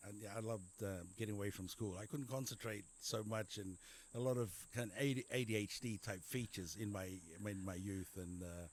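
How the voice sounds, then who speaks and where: A middle-aged man with an Australian accent speaks in a fairly low voice. He talks casually in an interview, rambling, restarting and repeating words as he tells his story. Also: normal speed. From Papua New Guinea. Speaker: general practitioner guest. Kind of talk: conversational interview.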